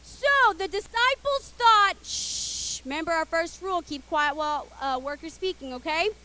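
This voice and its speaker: With a very high-pitched voice at a moderate pace, a young woman tells kids a Bible story. She's playful and expressive, encouraging the children to call out and take part.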